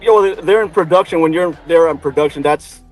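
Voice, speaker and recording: A man speaking as a guest on a podcast in casual chat. He talks haltingly and restarts often while he searches for words. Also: on the high side, soft background music.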